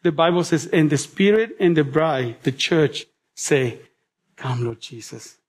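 Male preacher, high-pitched, lively and conversational, joking with the congregation, then quiet and prayerful. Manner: animated, chatty, humorous asides to the congregation; drops to soft, slow prayerful tones. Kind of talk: sermon. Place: church.

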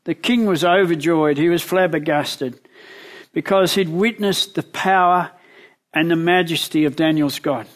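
A man preaching a sermon, retelling a Bible story in lively words and asking the listeners questions. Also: a little high, measured pace.

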